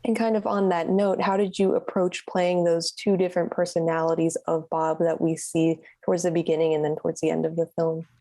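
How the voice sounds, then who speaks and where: Warm-voiced woman asking interview questions. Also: fairly low pitch, little pitch movement, brisk, hardly any pauses. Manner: friendly, complimentary, a few fillers. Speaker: entertainment interviewer.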